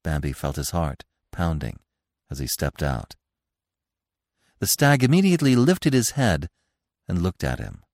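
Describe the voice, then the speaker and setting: Deep-voiced man narrating a classic tale. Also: measured pace, long pauses, no room sound, studio quality. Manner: expressive, animated reading. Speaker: audiobook narrator. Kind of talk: scripted storybook narration.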